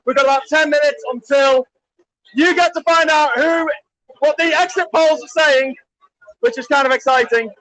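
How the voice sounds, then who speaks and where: A man live streaming at a crowded party, cheering, shouting greetings and chatting excitedly, getting hoarse. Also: very high voice, normal speed, no room sound, rough recording. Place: crowded indoor party venue.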